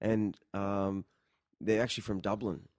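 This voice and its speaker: Animated male podcast host. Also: on the low side, measured pace, dry recording. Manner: animated storyteller. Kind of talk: casual chat.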